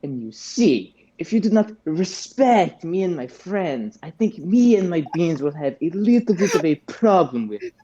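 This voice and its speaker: A player voicing Garbanzo, a boastful adventurer who speaks slowly and theatrically, threatening with drawn-out menace, on a dull lo-fi mic. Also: medium pitch, very animated, dark tone, husky, voice pushed up. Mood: mock menacing.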